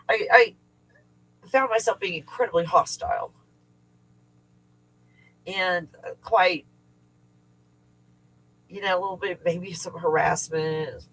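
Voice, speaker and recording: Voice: medium pitch, flat delivery, a little slow, pauses often, a bit bright, slight background noise, low-quality recording. A middle-aged livestream host who teaches remote viewing, talking casually and at length, rambling and swearing freely while venting. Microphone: livestream setup.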